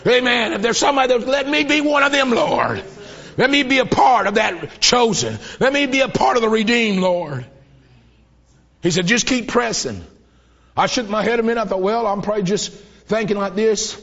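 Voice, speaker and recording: A man preaching a sermon, telling a vision with mounting fervor and bursts of shouted praise. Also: high voice, moderate pace. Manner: fervent storytelling, voice rising to shouts of praise. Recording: dull lo-fi old tape.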